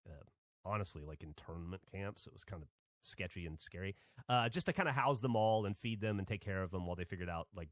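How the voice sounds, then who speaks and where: A man's voice: deep voice, a bit bright, no echo, clean studio sound. A man from Alabama, a podcast host, telling a rambling story in casual chat and swearing freely.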